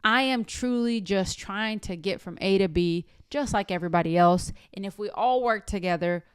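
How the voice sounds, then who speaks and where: A sassy, outspoken woman co-hosting a casual podcast, swearing freely and speaking her mind. Her voice is smooth and clear, recorded close and dry with no room sound. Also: mid-range voice, normal speed, dry recording. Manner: blunt, sassy storyteller who curses freely. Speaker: podcast co-host.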